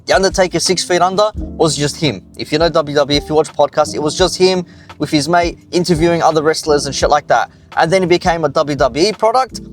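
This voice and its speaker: An Australian man delivering an angry, profane ranting commentary. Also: fairly high pitch.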